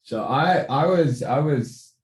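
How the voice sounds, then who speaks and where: A man's voice: a little high, expressive, slow pace, reverberant. An Australian man, a sports manager, telling his story in a loose, casual interview, with lots of fillers and the odd swear word. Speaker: sports manager, podcast guest.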